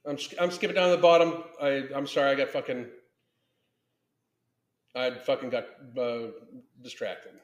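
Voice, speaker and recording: A man's voice: mid-range voice, normal speed, long pauses, reverberant. A man in his thirties hosting a live podcast, swearing constantly in an angry, emphatic rant and reading chat comments aloud. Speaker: podcast host reacting to a video and live chat. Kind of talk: profane live-stream rant.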